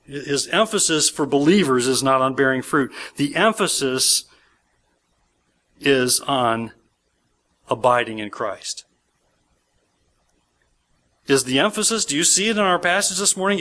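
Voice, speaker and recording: A man's voice: on the high side, pushed and bright. A man pastor preaching a sermon, emphatic and repeating key words for stress.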